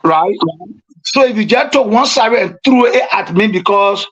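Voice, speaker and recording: A pastor speaks over a dull, lo-fi phone line, his voice high and husky. He lays out his points one by one in a patient, preacherly way. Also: fairly bright tone. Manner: explanatory, preacherly advice. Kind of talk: radio call-in discussion. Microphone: phone call.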